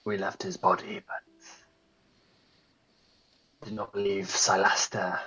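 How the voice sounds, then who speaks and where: A man playing a gravelly, vengeful adventurer. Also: deep voice, big pitch swings, slow pace, bright, forceful tone, full character voice, low-quality recording. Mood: somber. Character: grim male adventurer, quiet and vengeful.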